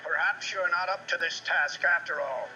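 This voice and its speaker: A man's voice: high-pitched, normal speed, lo-fi sound, over music, lightly acted. An actor playing a commanding, formal heavenly official who rules on a woman's fate in a soap opera. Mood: stern. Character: stern heavenly official deciding fates.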